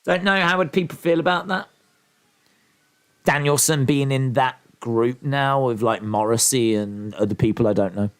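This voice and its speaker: A man's voice: mid-range voice, moderate pace, clear, resonant tone. A man from England with an English accent, hosting a casual wrestling watch-along stream, calling the action and reading viewer comments aloud.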